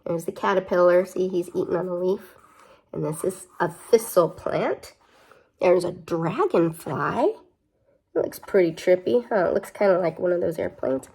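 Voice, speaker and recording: A woman's voice: lowish voice, moderate pace, creaky, warm tone, breathy edge. A young woman reading a picture book aloud to children, chatty, with playful asides and questions. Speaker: storybook reader.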